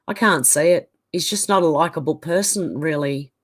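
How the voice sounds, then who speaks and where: A woman's voice: sits low, normal speed. Casual Australian woman reading live chat. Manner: reads out chat comments and reacts conversationally. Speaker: livestream host reading viewer comments.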